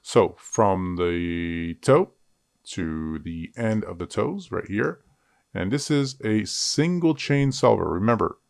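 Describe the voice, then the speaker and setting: Male tutor, low gravelly voice, lively up-and-down delivery, dry close mic, jokey software walkthrough. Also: no echo. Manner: chatty, self-joking asides. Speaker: 3D rigging instructor. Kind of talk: screen-recorded software tutorial.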